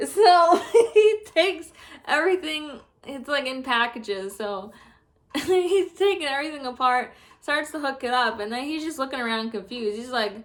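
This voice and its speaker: A woman's voice: high voice, lively intonation, unhurried. A young woman telling a story in a casual vlog, laughing often and swearing as she vents. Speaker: vlogger.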